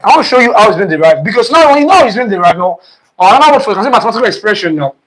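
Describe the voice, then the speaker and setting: A man's voice: high voice, very animated, fairly bright tone, rough recording. A man teaching an online exam-prep physics lesson, repeating terms and quizzing students with "what?" questions. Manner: speeds up and slows down, stressing terms.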